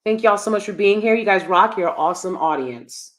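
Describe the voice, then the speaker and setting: A woman's voice: medium pitch, animated, fairly quick, fairly bright tone. A woman in her thirties hosting a live stream, giving blunt, emphatic and sassy commentary to her audience. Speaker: host.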